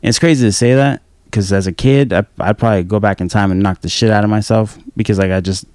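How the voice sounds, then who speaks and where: Man in his thirties, low voice, dry close mic, profane rambling podcast talk. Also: steady tone, fast, darkish tone, clear, resonant tone, no room sound. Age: 30s. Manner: profane, rambling, laid-back. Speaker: podcast host. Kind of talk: casual chat.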